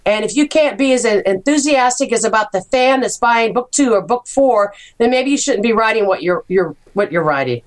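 A middle-aged American woman, an author, chatting casually and telling animated stories about her writing. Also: on the high side, fairly quick, hardly any pauses. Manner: animated storyteller, acts out quoted voices. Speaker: author guest. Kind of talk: casual chat.

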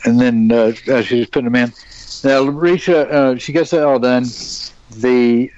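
A man's voice: medium pitch, moderate pace, highs cut off, a little hiss or hum. Rambling man telling a story. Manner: rambling, animated storyteller with many fillers and restarts. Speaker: guest, convention actor. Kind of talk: casual storytelling on a podcast.

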